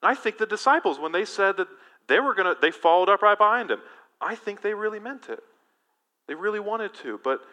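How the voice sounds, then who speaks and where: Male pastor, sermon, bright ringing voice, emphatic, asks for shows of hands. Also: mid-range voice. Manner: animated, emphatic, engages congregation.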